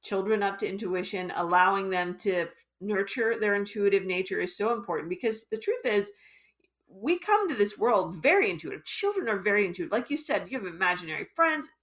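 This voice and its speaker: A woman's voice: medium pitch, expressive, a little fast, a bit bright. A woman author as interview guest, earnest and explanatory, thinking aloud as she talks. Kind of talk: casual interview chat.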